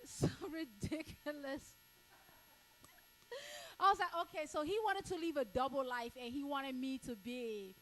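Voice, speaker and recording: A woman from Cameroon doing stand-up crowd work, blunt and crude, repeating herself and breaking into shouts. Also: sits high, lively intonation, slow, long pauses. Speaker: stand-up comedian.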